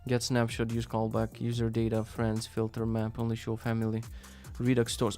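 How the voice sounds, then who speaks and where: A man hosting a live stream, reading out viewer links and reacting in a casual, profane, sarcastic way, jumping between loud rants and muttered asides. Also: medium pitch, fairly even intonation, a little fast, hardly any pauses, faint music behind.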